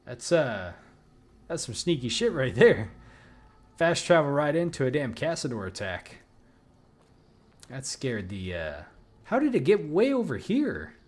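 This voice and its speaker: Husky-voiced man playing a game. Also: on the high side, measured pace, long pauses. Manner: rambling, swears, excited outbursts. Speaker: let's play host. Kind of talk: casual gameplay commentary.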